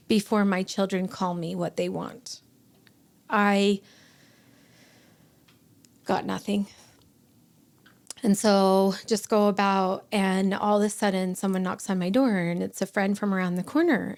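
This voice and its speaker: A woman in her forties, a guest on a podcast, telling a personal story in short, broken sentences and acting out the voices of the people in it. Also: medium pitch. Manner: emotional, acts out quoted dialogue. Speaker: guest, bereaved mother.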